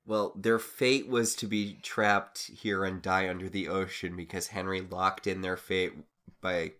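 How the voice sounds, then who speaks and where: A man's voice: low-pitched, little pitch movement, measured pace, fairly bright tone. A man co-hosting a casual recap chat, wry and questioning with dry humor. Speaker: podcast co-host.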